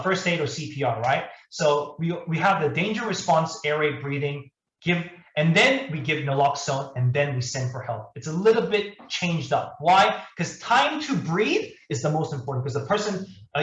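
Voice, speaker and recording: A man giving a live training talk, animated and checking in with his listeners often. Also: a little high. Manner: animated, keeps checking in with the audience. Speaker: overdose prevention trainer. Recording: roomy, dull lo-fi room recording.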